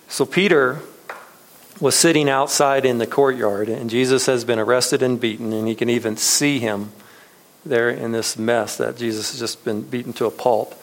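A man's voice: mid-range voice, steady tone, normal speed, poor audio. A man in his thirties preaching a sermon as pastor, talking in a loose, conversational way with many fillers and restarts, and chuckling often. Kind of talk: casual sermon.

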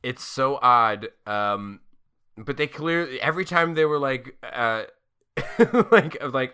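A man's voice: mid-range voice, lively intonation, slow, bright, forceful tone, clean tone. A man co-hosting a podcast in casual movie-discussion chat, profane, sardonic and rambling. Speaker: podcast co-host.

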